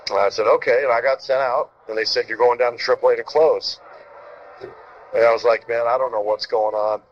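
A middle-aged man, a former pitcher, telling stories in casual chat, acting out quotes and swearing freely. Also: fairly quick, slight background noise. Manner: animated storyteller, acts out quotes, swears freely. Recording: dull lo-fi sound.

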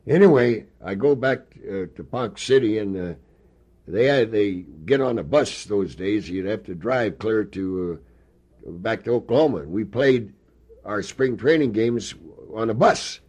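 Older man, very low voice, husky, rambling folksy storyteller, oral history interview. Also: expressive, measured pace, a little mellow. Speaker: interviewee, former ballplayer.

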